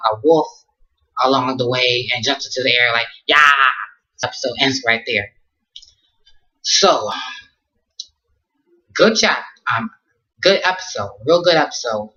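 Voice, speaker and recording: A man's voice: medium pitch, pushed and bright, highs cut off. A man casually recapping an anime episode in slangy talk, rambling with lots of ums and restarts. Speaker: anime reviewer.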